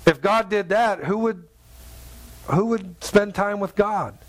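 A man's voice: sits high, takes it slowly. A man preaching a conversational sermon who talks straight to his listeners and acts out the people in the story. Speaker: pastor.

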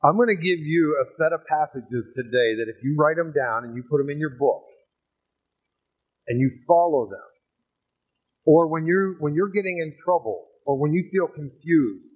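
A man preaching a sermon in an energetic, joking way, often asking the crowd "amen" and "right". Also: on the high side, normal speed, husky. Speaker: pastor. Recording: tinny phone-like sound.

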